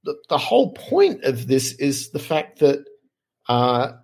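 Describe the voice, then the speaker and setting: A middle-aged man, a podcast guest telling lively anecdotes in casual conversation. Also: medium pitch, slow. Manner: animated, lively anecdotes with frequent fillers. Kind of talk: casual storytelling.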